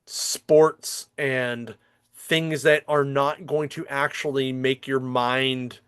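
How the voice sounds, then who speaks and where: A man's voice: medium pitch, steady tone, slow, a bit bright, smooth, no room sound, studio quality. A man hosting a comics podcast, chatting casually in a rambling, profane way with lots of fillers and restarts. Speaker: podcast host. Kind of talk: casual chat.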